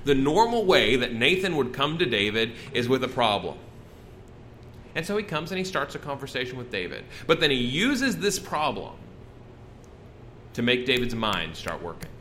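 A man's voice: mid-range voice, sing-song, moderate pace, sharp tone, a little hiss or hum. A man preaching a sermon in a conversational, folksy way, often breaking off and restarting his sentences. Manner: conversational, folksy, with self-interruptions.

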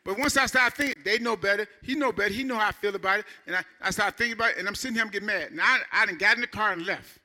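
Middle-aged male pastor, chatty preaching that climbs to shouts, high tense tone. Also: racing, few pauses. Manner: animated, conversational preaching with rising shouts. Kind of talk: sermon.

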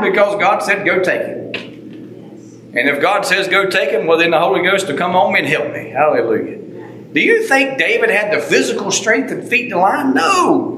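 A man preaching a fervent sermon, swinging between loud and soft and repeating his phrases. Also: fairly high pitch, a little hiss or hum. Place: church sanctuary. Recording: roomy echo.

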